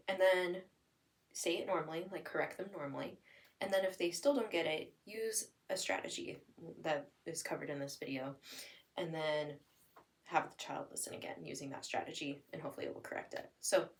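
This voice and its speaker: Young woman teaching parents speech tricks, sounds a little far from the mic, switches into sing-song kid-talk for examples. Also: on the low side. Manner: explains plainly, then acts out lively sing-song examples for a child. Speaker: demonstrator of listening and spoken language strategies. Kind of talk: instructional explanation with acted parent-child examples.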